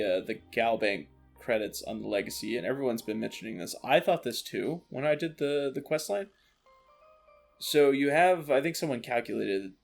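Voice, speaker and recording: A man ranting about a video game, animated, exasperated and full of swearing. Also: mid-range voice. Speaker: streamer. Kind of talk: ranting gameplay commentary. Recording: faint lo-fi music underneath.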